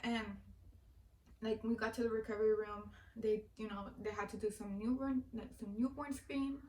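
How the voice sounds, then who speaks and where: A woman's voice: fairly high pitch, steady tone, moderate pace, warm tone, echoey room. Young woman vlogger, emotional, filler-heavy storytelling, recorded from a distance. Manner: filler-heavy, heartfelt, repeats "like". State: teary-eyed. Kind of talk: personal storytelling.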